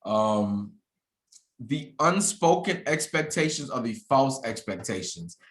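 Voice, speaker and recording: A candid man in his thirties talks reflectively in a casual chat, often circling back and restarting his sentences. His voice sits at a middle pitch and rings in an echoey room. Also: big pitch swings, slow, fairly bright tone. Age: 30s. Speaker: podcast host. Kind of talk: casual conversation.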